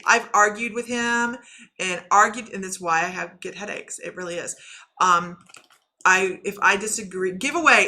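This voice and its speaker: A middle-aged woman talks loosely and warmly to her livestream viewers as a shaman and intuitive reader. Her voice is bright and forward at an average pitch. She laughs often and calls out viewers by name as she goes. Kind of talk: casual livestream chat.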